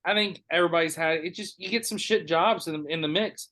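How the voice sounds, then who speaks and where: A man hosting a podcast, telling a story in a casual, animated way with lots of swearing and acted-out dialogue. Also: a little high, fast talker. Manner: animated, profane, acts out others' lines. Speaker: podcast host.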